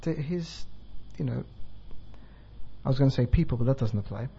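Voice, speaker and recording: A man's voice: medium pitch, moderate pace, vocal fry, dark tone, husky. A man, a bishop, giving a sermon in a chatty, self-deprecating way, telling a joke and laughing along. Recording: dull lo-fi recording.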